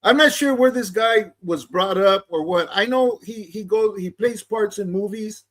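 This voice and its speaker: High-voiced man, casual commentary. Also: normal speed. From East Los Angeles. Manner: conversational, peppered with "okay?" and Chicano slang. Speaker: channel host.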